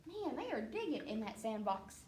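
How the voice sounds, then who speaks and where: A woman librarian reading a children's picture book aloud in a playful, animated way, with sound effects. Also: fairly high pitch, normal speed, slight background noise. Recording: echoey room, mic at a distance.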